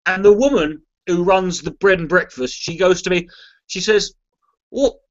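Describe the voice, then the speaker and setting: Contributing to a charity livestream, an English man with a fairly high voice talks to viewers in a loose, wandering way at moderate speed. He curses a lot and keeps starting his sentences over, and the recording has a dull, muffled, lo-fi stream quality.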